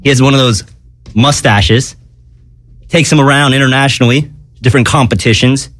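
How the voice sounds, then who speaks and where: A man hosting a comedic radio-style podcast, hyper and rambling, breaking into high sung jingles. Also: steady tone, normal speed, fairly bright tone, no room sound. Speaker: podcast host.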